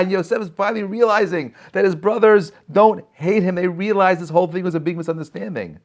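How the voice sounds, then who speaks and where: A rabbi giving a short inspirational Torah talk over a video call, telling the story with rhetorical questions and frequent "right?" and "okay?". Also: male voice, high-pitched, fast, few pauses. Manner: peppers speech with "right?" and "okay?".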